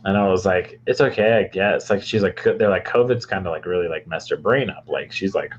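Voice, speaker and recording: Low-voiced young man telling a rambling story. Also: a little fast, highs cut off, a little hiss or hum. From Michigan, US. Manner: rambling, many fillers and restarts. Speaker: podcast co-host. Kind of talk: casual storytelling chat.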